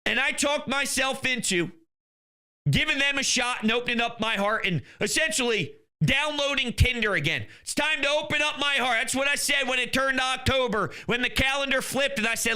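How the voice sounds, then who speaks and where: A young man hosting a sports talk show, ranting heatedly with bursts of shouting. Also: extremely high pitch, moderate pace, clear, resonant tone.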